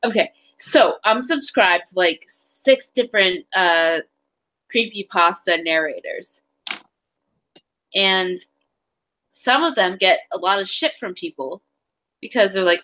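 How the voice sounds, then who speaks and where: An adult woman chats on a home stream, blunt and plainspoken. She offers reassurance in a matter-of-fact way. Her voice sits at an ordinary middle pitch. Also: expressive, a little slow, long pauses, fairly bright tone, rough recording. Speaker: guest in the stream. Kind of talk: casual chat.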